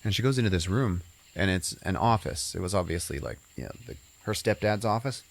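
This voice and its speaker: A man's voice: low-pitched, animated, fairly quick, creaky. A man hosting a podcast and casually recapping a movie in a rambling way, full of fillers. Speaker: podcast host.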